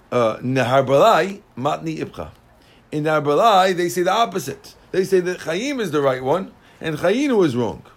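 A man with a slightly high voice teaches a Talmud class. He reads Aramaic and Hebrew phrases and explains each in plain terms, with lively energy.

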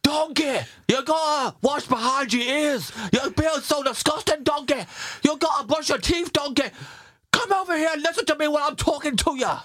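A man voicing a gruff male ogre who loudly scolds his donkey friend in a high, strained put-on voice. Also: moderate pace. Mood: scolding.

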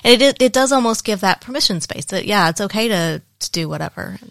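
A woman co-hosting a casual chat show, speaking in a relaxed, thoughtful way and laughing easily. Her voice sits at a middle pitch. The sound is close and dry, with no room around it. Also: brisk, creaky, no echo. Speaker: podcast co-host.

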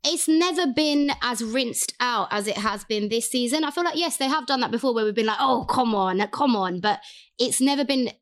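Woman podcast co-host, chatty and animated, casual banter. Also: a little high, brisk. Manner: chatty, animated, lots of quoted voices. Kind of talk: casual chat.

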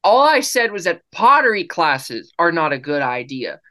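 A man's voice: a little high, very animated, moderate pace, bright, forceful tone. A man co-hosting a casual podcast, joking and teasing in playful banter with his girlfriend. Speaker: podcast co-host. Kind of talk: casual couple chat.

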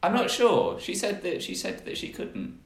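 A man's voice: sits high, wildly swooping pitch, normal speed. A young man chatting casually, hesitant with lots of fillers. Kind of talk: casual chat. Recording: echoey room.

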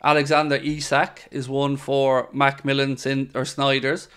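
A man's voice: medium pitch, completely flat delivery, measured pace, a bit bright, smooth. A young man hosting a podcast, chatting casually and opinionatedly as he reads out comments from a live chat. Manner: chatty and opinionated, with frequent fillers and asides. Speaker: podcast host.

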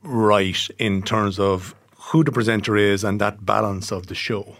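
Irish guy hosting a news chat, halting questions, dry close sound. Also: lowish voice, a bit bright, dry recording. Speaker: podcast host. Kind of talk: news discussion podcast.

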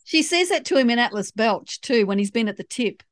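A woman's voice: on the high side, lively intonation, a little fast, no room sound, clean studio sound. A woman co-hosting a casual chat, animatedly retelling scenes from a TV series with laughs. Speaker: podcast co-host.

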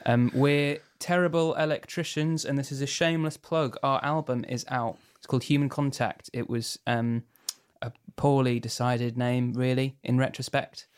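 A man's voice: mid-range voice, steady tone, normal speed, hardly any pauses, clear, resonant tone. Dry, wry male radio host. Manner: dry, wry, rambling asides. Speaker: radio show host and band member. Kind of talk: casual radio chat.

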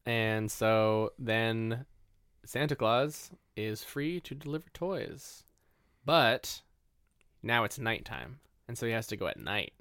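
Brief: a man retelling a story on a comedy podcast, smooth voice, dry close sound. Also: on the low side, lively intonation, slow pace, fairly bright tone, no room sound. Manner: laid-back storytelling, laughs often, swears. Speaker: podcast co-host.

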